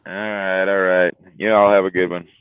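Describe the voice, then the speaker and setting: A tired, worn-out man hosts a casual livestream chat, rambling and joking with a laugh. His deep voice holds a level tone at a moderate pace, clean and without echo, though the audio sounds tinny and phone-like.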